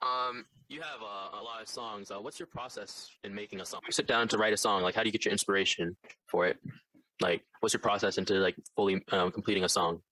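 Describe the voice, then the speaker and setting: A man with a lowish voice asks halting, filler-heavy questions and narrates between clips. His delivery is plain and casual. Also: fairly even intonation, pushed and bright. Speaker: interviewer and narrator. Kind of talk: casual interview and voice-over narration.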